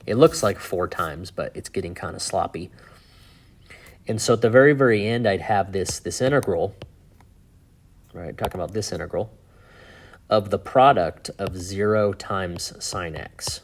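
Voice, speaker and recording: Low-voiced man teaching math casually. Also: moderate pace, pauses often. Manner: thinks aloud with fillers and asides. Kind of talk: casual whiteboard lesson.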